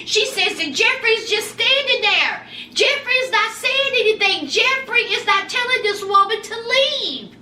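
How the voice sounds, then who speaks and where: A woman recapping a reality show episode in an animated, dramatic, gossipy way, recorded a little away from the mic in an echoey room. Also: extremely high pitch, measured pace, few pauses, far from the mic, a little hiss or hum. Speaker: reality TV reviewer.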